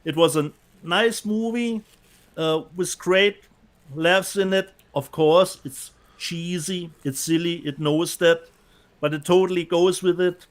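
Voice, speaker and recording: A man with a German accent and a fairly high voice, chatting casually as a co-host. He reads viewer comments aloud and laughs easily. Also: slow pace. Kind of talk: casual chat.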